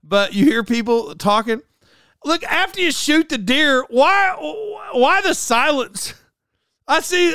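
A man hosting a comedy podcast alone, rambling through an animated monologue, often stopping and restarting mid-sentence. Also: very high voice, moderate pace, smooth, no echo, studio quality. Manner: rambling, self-interrupting, animated. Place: alone in a room.

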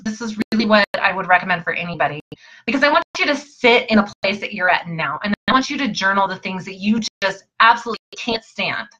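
A woman's voice: mid-range voice, bright, forceful tone, dull audio. A woman coaching listeners in an earnest, emphatic motivational talk, often repeating her phrases.

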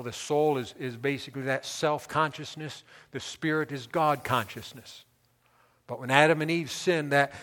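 A man preaching a sermon as pastor, emphatic, building his repeated lists up to loud peaks. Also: mid-range voice, in a large hall.

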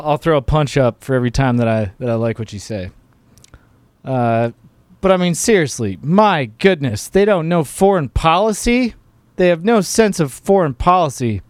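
A man's voice: a little high, smooth, dry recording. Man, show host, casual commentary, mocking, exasperated, dry close recording.

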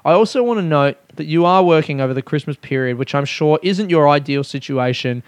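A young man, a comedian, telling a story casually, animated and self-mocking, his voice jumping high when excited. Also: brisk, no room sound.

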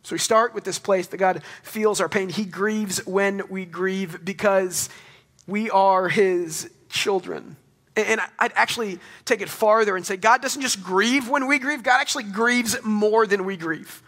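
Bright-voiced young man preaching. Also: high voice, measured pace. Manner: earnest, conversational preaching with rising emphatic questions. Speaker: pastor. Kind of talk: sermon.

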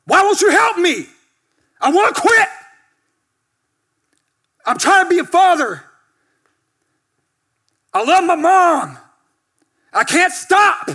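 A preacher acting out a desperate, angry man who yells and pleads with God. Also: very high-pitched, sing-song, takes it slowly, long pauses, pitched above the performer's own voice, heavily acted. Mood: anguished yelling. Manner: yelling, pleading.

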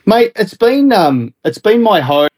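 Australian male guest, fairly high voice, chatty and rambling. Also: very animated, measured pace, a little mellow, dry recording. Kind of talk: casual podcast chat. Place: home in Melbourne, remote call.

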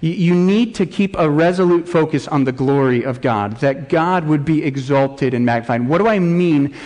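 A middle-aged male pastor preaches earnestly from the pulpit, his somewhat high voice carrying through the long reverb of a church sanctuary. When he gives voice to prayers of lament, he lifts them into rising, pleading cries. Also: normal speed, a little mellow. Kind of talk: sermon.

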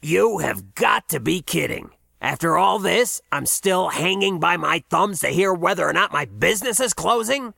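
A man voicing an older male fry cook, blunt and worried, in an audiobook. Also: medium pitch, animated, measured pace, pushed and bright, no echo, studio quality, exaggerated voice. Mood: exasperated. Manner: blunt, exasperated. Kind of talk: audiobook character voice.

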